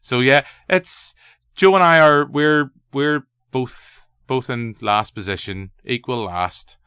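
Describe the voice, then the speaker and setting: A Northern Irish man hosts a casual podcast, rambling along with a joke never far off. His voice is bright and crisp. The recording is dry and close. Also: mid-range voice, slow, dry recording. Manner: rambling, jokey. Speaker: podcast host. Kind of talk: casual chat.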